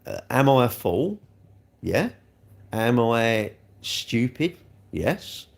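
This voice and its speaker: A man's voice: mid-range voice, very animated, extremely slow, vocal fry. A man, a car dealer hosting a casual livestream, ranting in an exasperated, rambling way and firing rhetorical questions at his viewers.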